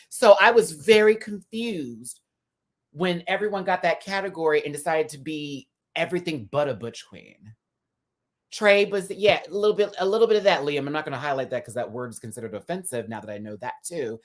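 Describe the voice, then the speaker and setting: A man hosting a casual live review. He talks in a sassy, chatty way, full of drag slang and quick laughs. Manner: laughs often, dramatic pitch swings. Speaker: host reviewing a TV episode live.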